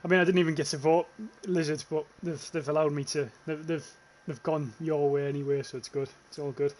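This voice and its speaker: Streaming gameplay live, a young man with a northeast English accent from near North Yorkshire chats casually with his audience, often swearing and restarting what he says. His voice is a little high, darkish and steady, and he talks fairly quickly.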